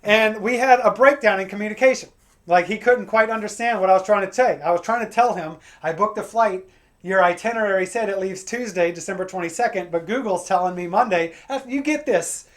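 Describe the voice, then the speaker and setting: A man's voice: sits high, fairly quick. An American man doing a stand-up set, telling a profane, ranting story and acting out his angry phone calls. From United States. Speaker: stand-up comedian.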